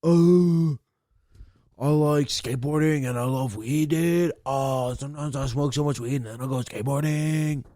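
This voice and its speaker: A man's voice: on the high side, measured pace, dark tone, no room sound, clean studio sound, natural voice. A man voicing a stoned young male skater-bro doctor with a drawling, slangy surfer-bro manner. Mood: laid-back stoner.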